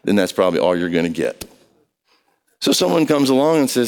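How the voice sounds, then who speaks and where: A male pastor with a smooth, resonant voice preaching a relaxed, story-driven sermon. He keeps turning to the congregation with questions, and his words ring out with the long reverb of a large hall. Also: fairly low pitch, a little fast. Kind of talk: conversational sermon.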